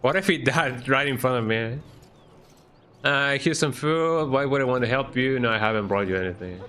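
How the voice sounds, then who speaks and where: A man's voice: medium pitch, quick pace, sharp tone. A man streaming a first playthrough of a game, playfully commenting and reading dialogue aloud, tagging "eh?" onto lines. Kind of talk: casual let's-play commentary.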